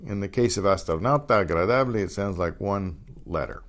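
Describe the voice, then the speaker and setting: A man teaching a Spanish pronunciation class. He says each word slowly and repeats it, and he often clears his throat. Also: lowish voice. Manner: models words slowly and repeats each one twice. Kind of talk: pronunciation lesson.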